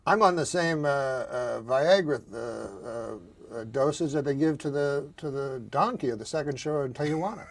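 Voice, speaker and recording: Halting deadpan man in his forties. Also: on the high side. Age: 40s. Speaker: talk show guest. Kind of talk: talk show banter.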